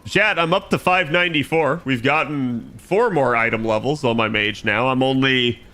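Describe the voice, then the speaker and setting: A man's voice: medium pitch, moderate pace, pushed and bright. A man streaming himself playing an online game, chatting loosely with his viewers. He rambles, corrects himself and swears casually. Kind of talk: casual live-stream gaming chat.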